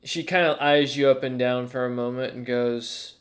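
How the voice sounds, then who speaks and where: A man narrates as game master of a tabletop game, stumbling often and restarting his sentences. He speaks at a middling pitch, in loose, improvised narration. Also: steady tone, moderate pace. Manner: hesitant, full of fillers and restarts.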